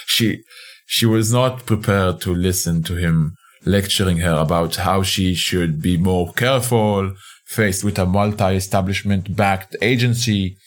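A man narrating a fiction podcast in the first person, speaking in a conversational, hesitant way with frequent restarts. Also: deep voice.

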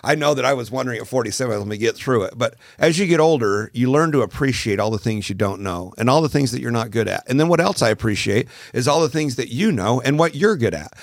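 A man's voice: mid-range voice, fast talker, gravelly, hardly any pauses, dry recording, studio quality. A man in his forties hosting a podcast, chatting casually and acting out dialogue as he tells stories. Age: 40s. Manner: animated storyteller acting out dialogue. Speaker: podcast host. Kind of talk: casual conversation.

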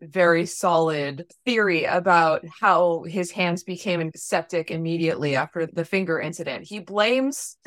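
A woman chimes into a casual podcast chat with blunt, sarcastic one-liners. Her voice sits on the low side for a woman. The sound is dry and close-miked. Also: measured pace, hardly any pauses, fairly bright tone, no room sound. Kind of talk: casual comedic banter.

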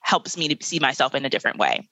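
A woman's voice: extremely low pitch, big pitch swings, fast, pushed and bright, dry recording, rough recording. A woman in her late twenties, a guest educator in a podcast interview, speaking bluntly and emphatically with bursts of laughter. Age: 20s.

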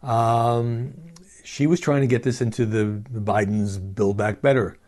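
A man's voice: mid-range voice, steady tone, unhurried, darkish tone. A man hosting a solo podcast, giving commentary with wry, mocking asides. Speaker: podcast host.

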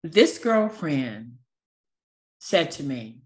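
Animated low-voiced woman telling a story. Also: extremely slow. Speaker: podcast guest. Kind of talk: casual storytelling.

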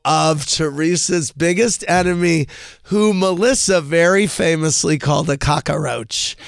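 Chatty gravelly-voiced man host. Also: a little high, measured pace, dry recording, clean studio sound. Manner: chatty, gossipy storytelling with frequent fillers. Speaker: podcast host. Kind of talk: casual gossip chat.

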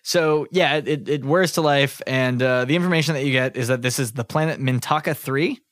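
A man's voice: medium pitch, a little fast, fairly bright tone, dry recording. A man running a tabletop game as game master, narrating in a rambling way with lots of fillers. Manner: rambling, full of fillers and restarts.

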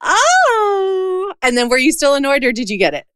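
A woman's voice: high voice, huge pitch swings, moderate pace, a bit bright, dry recording, studio quality. A woman podcast host who gushes, gets emotional and laughs often while interviewing her guests. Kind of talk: casual interview.

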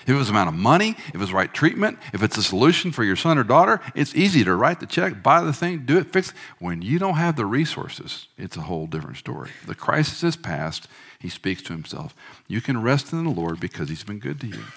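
A middle-aged male pastor preaching a sermon in a church, swinging between emphatic bursts and hushed, quiet lines. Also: fairly low pitch, sing-song, quick pace, slightly rough.

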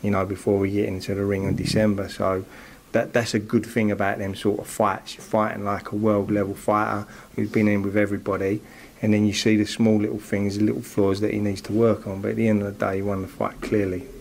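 Un entraîneur de boxe qui commente le combat en interview, en digressions hésitantes ponctuées de « vous voyez ». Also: male voice, on the low side, level tone, brisk, gravelly, darkish tone, slight background noise. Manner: rambling, many fillers. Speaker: boxing trainer. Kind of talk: post-fight analysis.

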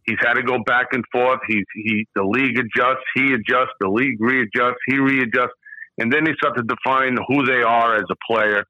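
A middle-aged man, a former hitting coach, guesting on an interview and telling lively anecdotes. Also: medium pitch, moderate pace, dry recording. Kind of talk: conversational storytelling. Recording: slightly muffled, dry sound.

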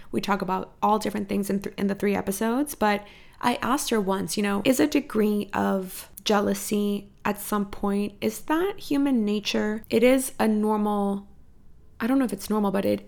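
A woman's voice: medium pitch, vocal fry. A woman in her thirties hosting a solo podcast, giving candid, chatty advice with casual swearing and playful asides. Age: 30s. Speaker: podcast host.

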